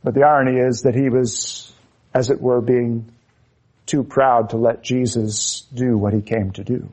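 A man preaching an expository sermon with fervent emphasis, slowing down to stress key phrases. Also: medium pitch, fairly even intonation, darkish tone.

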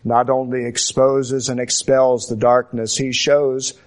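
Male pastor, sermon delivery, slow and deliberate, mid-pitched, emphatic repetition. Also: flat delivery.

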